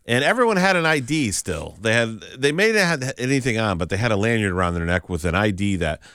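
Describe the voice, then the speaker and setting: Man, comedian guest, lively storytelling, smooth clear voice, dry studio sound. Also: on the low side, fairly quick, no echo. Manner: animated, laughing, acts out voices in his stories. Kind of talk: casual storytelling on morning radio.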